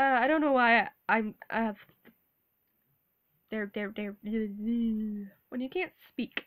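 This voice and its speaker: A young woman, sick with a sore throat, rambling awkwardly in a casual vlog, halting and laughing often. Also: on the high side, fairly bright tone, clean tone. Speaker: vlogger.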